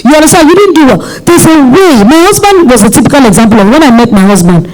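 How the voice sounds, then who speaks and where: Woman answering questions on a panel, high bouncy voice, direct, straight-talking advice. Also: animated, fast talker, a little mellow, rough recording. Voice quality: direct, reassuring, advisory. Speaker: event planner speaking on a panel. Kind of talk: answering audience questions at a seminar.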